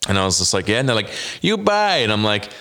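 A man's voice: on the low side, steady tone, very fast, bright, forceful tone. A man co-hosting a casual podcast, swearing freely and laughing as he tells a rambling story. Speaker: podcast co-host. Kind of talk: casual chat.

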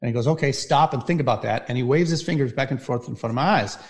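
A middle-aged man talks as a firefighter sharing his stories. He keeps checking in with his listener, punctuating points with "right?". His voice sits at an ordinary middle pitch. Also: fast. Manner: animated storyteller, frequent "right?" tags. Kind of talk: storytelling talk.

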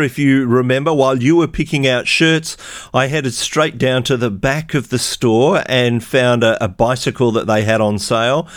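A man, a radio presenter recalling a trip in a measured, reflective way and asking his co-hosts questions. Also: mid-range voice, clear, resonant tone, dry recording. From Australia. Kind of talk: conversational podcast reminiscing.

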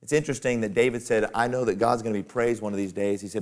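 A man's voice: fairly low pitch, steady tone, rapid-fire, few pauses, darkish tone. A man preaching a sermon to fellow pastors in a folksy, conversational way that climbs to emphatic peaks.

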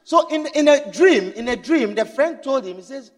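A male preacher with a very high voice delivers an impassioned sermon. He moves from loud, urgent pleading down to low, hushed storytelling. His voice rings with a long reverb, as in a large hall. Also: expressive, moderate pace, few pauses.

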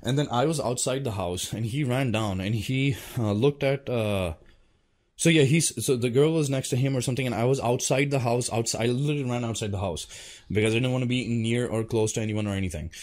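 A man's voice: mid-range voice, a little fast, darkish tone. A man recounting a personal story to his audience in a casual vlog. He rambles, restarts his sentences and fills them with swearing and fillers as he goes. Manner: rambling, profane, full of fillers. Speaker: vlogger.

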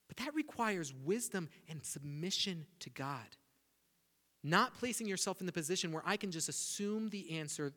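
A man preaching a sermon as pastor, animated, acting out people's prayers to God with rising intensity. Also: high voice. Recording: reverberant hall.

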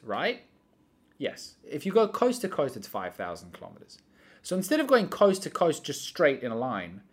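A young adult man in casual chat, telling rambling stories in animated bursts. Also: medium pitch. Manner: rambling, animated storytelling that often breaks into laughter.

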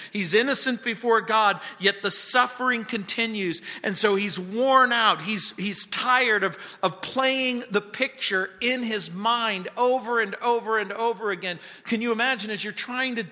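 A pastor teaching verse by verse through a Bible book, earnest, sometimes dropping his voice to a hush. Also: sits high, a little slow, hardly any pauses. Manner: earnest, drops to a hushed voice at times. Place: church sanctuary. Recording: church hall reverb.

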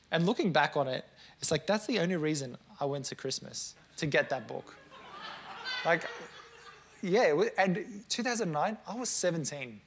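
A man in his late twenties preaching a sermon to a congregation, telling stories with lively, self-mocking asides. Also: fairly high pitch, normal speed, slightly rough. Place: church service before a congregation.

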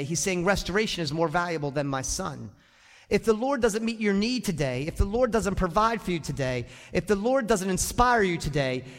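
A male pastor preaching an animated sermon to his congregation, often acting out the people in his stories. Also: sits high. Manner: animated, acts out quoted voices, addresses the congregation directly. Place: church sanctuary. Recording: long church reverb.

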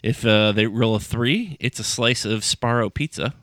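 Teasing man with a bright, dry voice. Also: medium pitch, moderate pace, no room sound. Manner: teasing, reads out options in a steady list. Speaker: podcast co-host running a dice game. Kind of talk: casual chat.

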